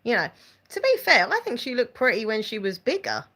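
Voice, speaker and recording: On a casual live stream, a female host giggles a lot and reads viewer comments aloud to her audience. Her voice is on the high side, a bit bright, very animated and a little fast.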